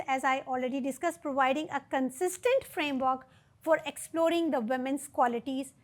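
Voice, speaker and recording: A woman giving a literature lecture, explaining poetic devices and reading verse aloud with deliberate emphasis. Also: sits high. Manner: explains terms and asks rhetorical questions.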